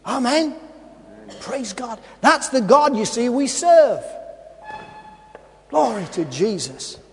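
A man's voice: extremely high pitch, very animated, takes it slowly, creaky, a little hiss or hum. A man preaching a sermon. He repeats his phrases and asks the congregation rhetorical questions. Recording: long hall reverb.

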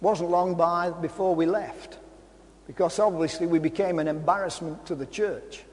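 A man preaching a sermon, storytelling and impassioned, often rising to shouts. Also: on the high side, steady tone, moderate pace. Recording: hall reverb.

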